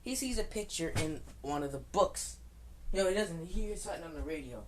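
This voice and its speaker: A woman's voice: fairly low pitch, animated, brisk, slight background noise, low-quality recording. A woman improvising a fan story in casual, rambling talk, full of swearing and restarts, and snapping defiantly at critics. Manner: rambling, profane, frequent restarts.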